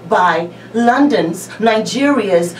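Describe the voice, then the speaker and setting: A woman from Britain hosting a radio interview, lively and teasing, laughing often. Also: mid-range voice, takes it slowly. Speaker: radio show host. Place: radio studio. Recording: roomy distant mic with noise.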